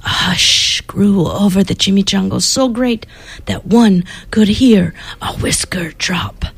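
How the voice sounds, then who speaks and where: A woman reading a children's storybook aloud, expressive and dropping to whispers for suspense. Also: mid-range voice, slow pace, vocal fry, slightly rough, dry recording.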